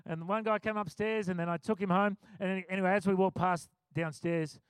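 A middle-aged pastor delivers a sermon in an easy, conversational storytelling manner and often breaks into a laugh. His voice sits fairly high for a man. The sound is dry and close, with no room echo. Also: fairly even intonation, a little fast, clear, resonant tone.

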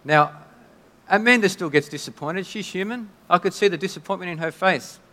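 A man preaching a sermon in a conversational, halting way, often restarting his sentences. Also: high-pitched, sharp tone. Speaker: pastor. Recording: long hall reverb.

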